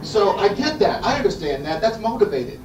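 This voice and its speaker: A man's voice: sits high, very animated, a little fast, a loud crowd. A man doing a loose, profane stand-up comedy set at a backyard show, with the audience laughing. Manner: loose, profane, riffing storyteller. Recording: roomy, distant live recording.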